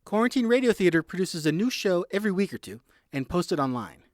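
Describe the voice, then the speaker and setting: A man reporting a scripted radio news feature in a lively, measured delivery. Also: sits high, no room sound, clean studio sound.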